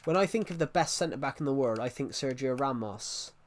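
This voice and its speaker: A young male gaming livestreamer with a medium-pitched, mid-range voice talks briskly and with lively intonation. Chatting live with viewers, he rambles, shares strong opinions, and answers chat comments.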